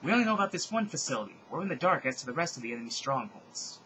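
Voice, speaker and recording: A man's voice: mid-range voice, sing-song, racing, fairly bright tone, a little hiss or hum, rough recording. A man voicing an earnest magical girl heroine who speaks matter-of-factly.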